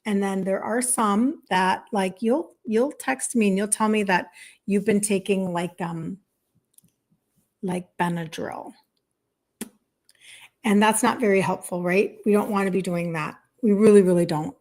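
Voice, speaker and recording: A woman's voice: mid-range voice, normal speed, darkish tone. A woman in her fifties, a health coach, chatting casually to viewers on a live stream, emphatic, repeating herself and saying "like" often. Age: 50s.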